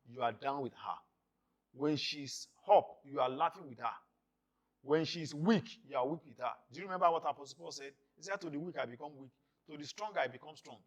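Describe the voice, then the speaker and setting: A man, a pastor preaching a sermon on marriage in an emphatic, repetitive style with rising and falling loudness. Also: a little high.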